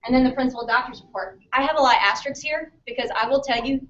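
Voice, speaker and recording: A woman's voice: a little high, quick pace, hardly any pauses, a bit bright. Woman chiropractor giving a chatty seminar talk. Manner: conversational, often checks in with a questioning "okay?". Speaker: chiropractor speaking to students. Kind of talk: practice-building seminar talk. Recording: distant, muffled mic.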